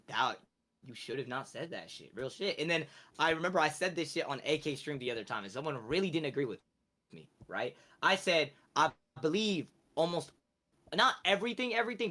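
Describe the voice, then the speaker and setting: A man on a live stream giving emphatic life advice in casual chat, swinging from quiet to loud. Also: medium pitch.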